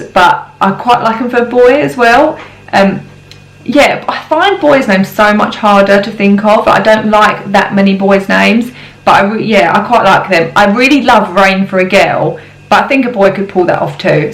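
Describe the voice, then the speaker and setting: A young mum talks casually to her camera, giggling often and filling pauses with ums. Her voice sits at an ordinary mid pitch, and the sound carries a noticeable room echo. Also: fairly bright tone. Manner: chatty, giggly, with frequent ums. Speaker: parenting vlogger. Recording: roomy echo.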